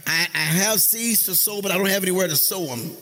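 In a church sanctuary, a pastor preaches to his congregation a little fast, leading call-and-response and slipping into sung, chanted phrases that climb into high shouts.

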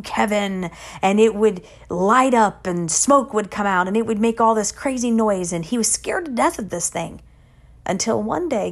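Middle-aged woman, Christian speaker; earnest, emphatic devotional delivery with quiet low asides, average pitch. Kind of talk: devotional encouragement talk.

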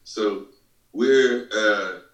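A man in casual podcast chat, telling a quick story and acting out the voices of the people in it. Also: lowish voice, muffled recording. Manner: animated storyteller, acts out voices. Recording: roomy, distant mic.

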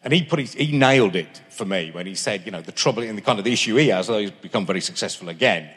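A man's voice: lowish voice, animated, very fast, a bit bright, slightly rough. A man in his fifties, a guest in a live stage interview, telling rambling anecdotes that keep restarting and interrupting themselves. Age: 50s. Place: large concert hall with live audience. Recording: reverberant live hall.

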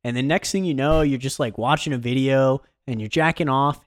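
A man's voice: mid-range voice, brisk, no echo, natural voice. A man doing an impression of a brash male comedian, telling a rambling story.

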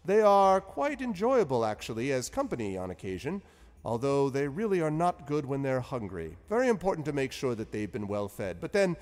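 A man's voice: medium pitch, big pitch swings, moderate pace, a little mellow, in a large hall, pitched above the performer's own voice, natural voice. A man voicing a jolly, eccentric male wizard who chatters whimsically.

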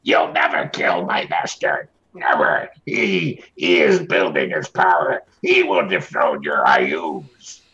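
A man voicing a captive male gnome cultist who snarls slow defiant threats. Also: very deep voice, sharp tone, pitched below the performer's own voice, heavily acted. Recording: dull lo-fi with faint noise.

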